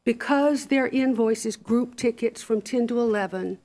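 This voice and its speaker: Serving as an appellate judge, a woman questions an attorney in court with pointed, probing questions. Her voice is on the high side and darkish in tone, and she speaks a little slowly.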